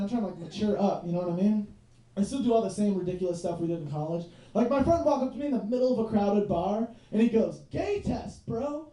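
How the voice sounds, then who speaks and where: A man's voice: high voice, warm tone. A man in his twenties doing a loose, rambling stand-up set at a bar, full of "like" and "you know what I mean.". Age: 20s. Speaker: stand-up comedian. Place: bar stage in front of a live audience. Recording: roomy bar recorded from a distance.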